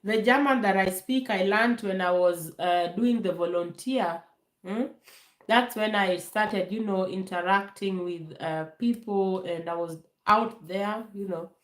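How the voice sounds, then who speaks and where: A woman telling stories in a casual live Q&A, animated and full of fillers, acting out voices when she quotes people. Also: mid-range voice, a little slow. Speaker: vlogger answering viewer questions. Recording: echoey room.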